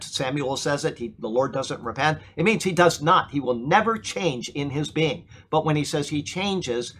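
A man's voice: medium pitch, moderate pace, hardly any pauses, fairly bright tone, slight background noise. A middle-aged man, a pastor, teaching a Bible class in a church and checking with the room as he goes. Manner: emphatic, asks the class "okay?" often.

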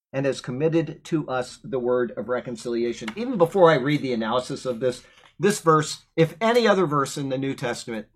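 A man teaching through a Bible verse, earnest and emphatic, reading a commentary aloud and breaking off for plain asides. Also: mid-range voice.

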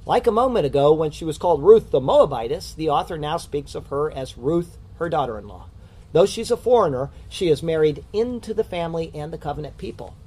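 A man with a husky, somewhat high voice preaches a sermon. He teaches earnestly, reading scripture and posing questions to his listeners. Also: a little mellow. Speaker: pastor.

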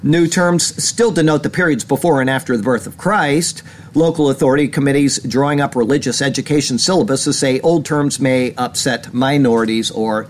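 A male pastor giving earnest sermon commentary in a small church, reading news items and pressing his points with mounting indignation. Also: a little hiss or hum. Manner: earnest, rising in pitch when indignant. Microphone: camera.

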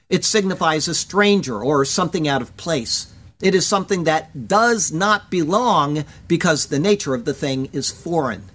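A Bible teacher giving a verse-by-verse sermon commentary, reading scripture in a measured, emphatic way and sounding out Hebrew words. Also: mid-range voice.

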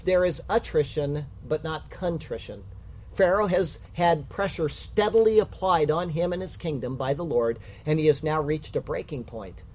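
A man giving a measured, emphatic Bible commentary in sermon style. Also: on the high side, darkish tone, breathy edge. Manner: measured, emphatic reading with rhymed verse. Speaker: Bible teacher.

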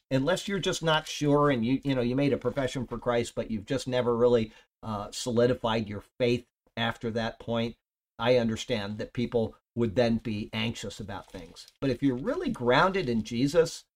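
A man giving a loose, conversational Bible teaching, rambling with fillers and restarts. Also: medium pitch. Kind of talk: casual Bible teaching talk.

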